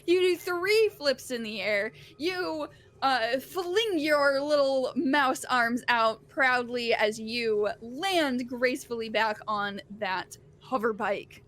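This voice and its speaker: A woman narrating as game master of a tabletop role-playing game, lively and laughing often. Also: high-pitched, slow.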